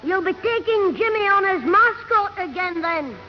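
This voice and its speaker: A man playing a schoolboy who puts on a gruff, blunt old grandad voice in a 1960s radio comedy. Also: extremely high pitch, animated, normal speed, background noise. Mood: scheming. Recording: dull lo-fi 1960s radio recording.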